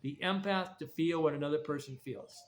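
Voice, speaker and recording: A man's voice: a little high, a little fast. A man giving a blunt, rambling, preachy monologue about recovery and trauma. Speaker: vlogger. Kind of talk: casual monologue. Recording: faint background noise.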